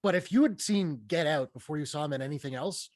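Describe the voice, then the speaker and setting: A man co-hosting a podcast, chatting in a relaxed, hesitant way about films. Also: fairly high pitch, quick pace, no room sound, clean studio sound. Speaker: podcast co-host. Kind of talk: casual movie review chat.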